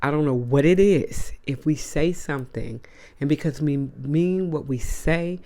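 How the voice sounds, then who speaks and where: A woman's voice: sits low, unhurried, dark tone. A woman hosting a casual monologue to camera, blunt and emphatic, with slangy asides. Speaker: host.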